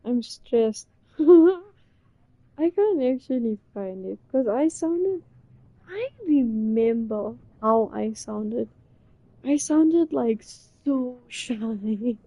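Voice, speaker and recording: A young woman streamer reacting to an old clip, gasping and laughing with excitement. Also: on the high side, very slow, dry recording.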